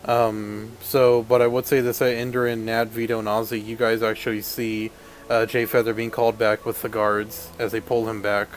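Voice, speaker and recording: A man's voice: on the low side, monotone, moderate pace, a little hiss or hum. A man narrating a tabletop role-playing game as game master, in a loose and hesitant way with many fillers.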